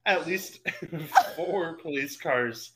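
A man's voice: fairly high pitch, very slow, over a noisy crowd. A man retelling a movie plot in casual chat, laughing often and swearing freely as he rambles. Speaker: podcast co-host. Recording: roomy, distant mic, faint noise.

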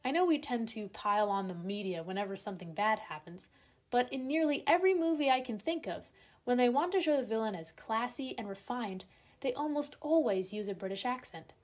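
A woman giving a prepared talk, calmly addressing the listener. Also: a little high, a little fast. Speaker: speaker.

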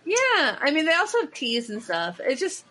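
Woman chatting on a podcast, kinda high voice, gushy and rambly. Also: wildly swooping pitch, normal speed, pushed and bright. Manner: chatty and enthusiastic, lots of "like" fillers. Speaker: podcast host. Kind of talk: casual chat.

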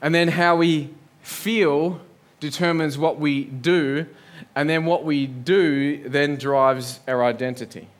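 A man's voice: on the high side, steady tone, takes it slowly, hardly any pauses. Earnest man preaching a sermon. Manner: earnest preaching with rhetorical questions and lists. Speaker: pastor. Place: church building.

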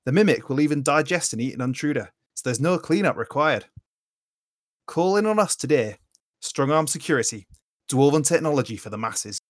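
A man voicing a gruff Northern male dwarf who pitches home security in a hard-sell advert, with a put-on Yorkshire accent. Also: expressive, brisk, no echo, studio quality, natural voice. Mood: salesy.

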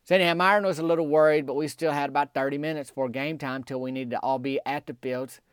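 Brief: man, folksy deadpan storyteller, rambling country drawl, dry close sound. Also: fairly high pitch, quick pace, clear, resonant tone, no room sound. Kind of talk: deadpan comedic storytelling monologue.

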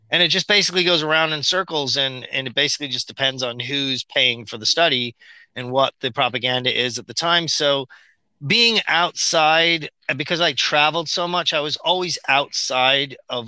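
Bright, crisp man telling stories. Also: a little high, dry recording. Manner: rambling, storytelling, mocking quotes. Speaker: guest. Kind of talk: casual conversation.

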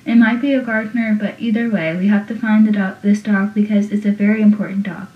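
A woman's voice: medium pitch, fairly even intonation, quick pace, natural voice. A young woman reading the lines of a stern young male town cop in her own voice. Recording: dull, roomy, from a distance.

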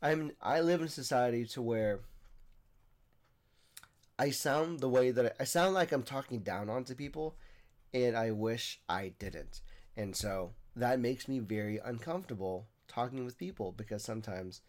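A man's voice: medium pitch, lively intonation, normal speed, darkish tone. Earnest young man talking in rambling bursts. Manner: earnest, rambling, with frequent restarts. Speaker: podcast host. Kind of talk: casual monologue.

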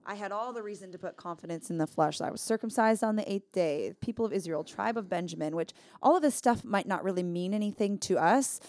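A woman's voice: medium pitch, fairly quick, few pauses, a little mellow. A woman co-hosting a casual Bible study chat, earnest and emphatic, thinking aloud as she explains. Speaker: podcast co-host.

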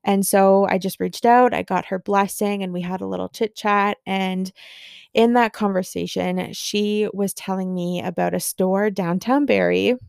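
A young woman hosting a podcast, telling a story in a gushing, excitable way with lots of fillers. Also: medium pitch, a little slow, vocal fry, clear, resonant tone, no room sound, studio quality. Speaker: podcast host. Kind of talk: casual storytelling monologue.

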